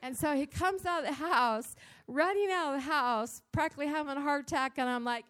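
A church speaker, a woman, gives a devotional talk built around a personal story, told animatedly and dramatically. Her voice leaps up in pitch and loudness, and she speaks fairly quickly.

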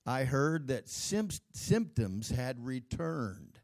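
A man's voice: medium pitch, very animated, takes it slowly, creaky, a little mellow. A man pastor giving a sermon, telling a story with emphatic preaching.

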